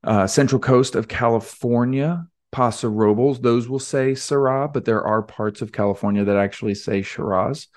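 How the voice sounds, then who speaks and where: A man's voice: mid-range voice, moderate pace, hardly any pauses, a little mellow. A young man hosting a casual solo podcast, rambling and self-deprecating with lots of fillers. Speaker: podcast host.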